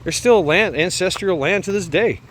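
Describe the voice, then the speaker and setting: Man, slightly high voice, rambling storyteller, swears a lot, fillers and restarts, faint vehicle hum behind. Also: normal speed, a bit bright. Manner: laughs often while telling. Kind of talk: casual storytelling.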